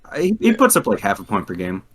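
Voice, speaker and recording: A man chatting casually on a podcast, animated and quick to laugh as he tells a story. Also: lowish voice. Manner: animated, laughs often, trails into restarts. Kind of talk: casual hockey chat.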